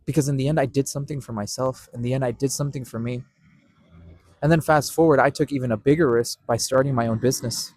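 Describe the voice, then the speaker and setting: A man's voice: medium pitch, steady tone, fast talker, darkish tone, no room sound. A young man hosting a podcast, earnestly telling a personal story, repeating himself and stopping to correct his own words. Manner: earnest, repetitive, with self-corrections. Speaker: podcast host.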